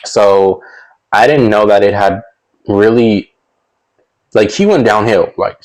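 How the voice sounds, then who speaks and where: A young man spins a casual storytime tale in a slightly low voice. He rambles, circling back with fillers and restarts, and breaks into little chuckles between sentences. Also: takes it slowly, pauses often, darkish tone, poor audio. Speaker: storytelling vlogger.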